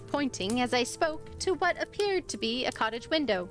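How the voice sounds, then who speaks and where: Woman, live story reading, expressive narration, somewhat high voice, faint music behind. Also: normal speed, hardly any pauses. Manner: expressive, lively voicing of dialogue.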